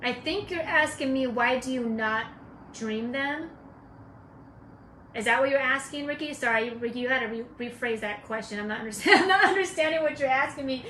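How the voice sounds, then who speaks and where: A woman's voice: high voice, fast talker, hardly any pauses, bright, forceful tone, reverberant, slight background noise, rough recording. A woman giving casual spiritual advice on a live stream, emphatic and preachy, repeating her points. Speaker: spiritual teacher.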